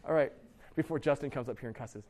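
A man's voice: mid-range voice, fast talker, background noise. A young man preaching a sermon as youth pastor, casual and joking, with lots of fillers and restarts.

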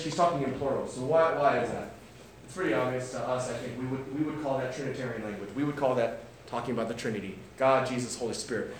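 This sermon comes from a young adult male pastor with a little high, somewhat bright voice at a moderate pace. He's conversational and joking, frequently checking with "right?", while the hall sounds roomy with faint background noise.

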